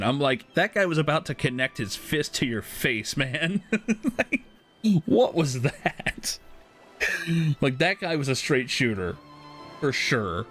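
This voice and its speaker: Animated man telling a story, laughing. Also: medium pitch, measured pace, faint music behind. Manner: animated, laughs often, swears casually. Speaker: streamer. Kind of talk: casual storytelling while gaming.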